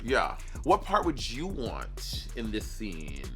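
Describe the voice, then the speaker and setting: A man's voice: on the low side, huge pitch swings, slow pace, pushed and bright, faint music behind. A man hosting a casual chat, playful and campy, laughing often. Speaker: host.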